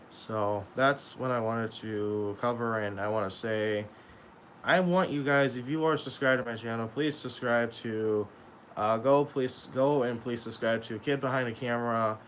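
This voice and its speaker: A young man talking in an emotional vlog monologue, halting and repeating himself as he speaks of loss. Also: medium pitch, a bit bright, slight background noise, low-quality recording. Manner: halting, repeats and restarts, sad. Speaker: YouTuber.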